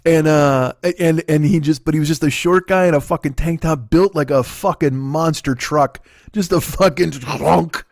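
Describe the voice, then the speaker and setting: Middle-aged man, Chicago accent, comedy podcast host, loose profane storyteller, fairly high voice. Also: normal speed, creaky, a little mellow, no echo, studio quality. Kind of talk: rambling comedic monologue.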